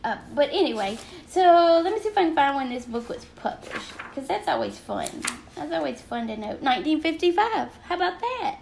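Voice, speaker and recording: A woman's voice: high voice, sing-song, fairly quick, gravelly, darkish tone, a little hiss or hum. Chatty older Southern woman. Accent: Southern American. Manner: chatty and rambling, greets viewers by name. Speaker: craft livestream host. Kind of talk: casual livestream chat. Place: at home craft desk.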